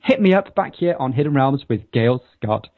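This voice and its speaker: A man from Wales with a softened Welsh accent, hosting a radio show and speaking in an effusive way, laughing often. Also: medium pitch, animated, moderate pace, noisy background. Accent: Welsh softened toward English. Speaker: radio host. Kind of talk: radio interview chat. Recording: tinny phone-like radio sound.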